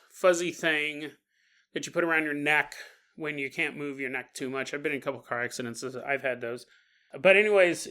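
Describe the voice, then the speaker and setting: A man's voice: fairly high pitch, pushed and bright. A man hosting a podcast, telling a story with jokes and frequent laughter. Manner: jokey, laughs often. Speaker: podcast host. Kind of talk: comedic storytelling.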